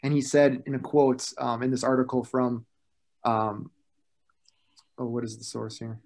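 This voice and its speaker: A man's voice: mid-range voice, little pitch movement, a little slow, vocal fry, a little mellow. A man talking as a student in a casual class discussion, hesitant and apologetic, with many fillers.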